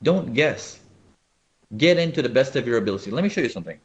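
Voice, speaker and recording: This fast-talking man with a mid-range voice teaches trading in a live webinar, explaining charts and often checking in with viewers. He is animated, and the sound is lo-fi.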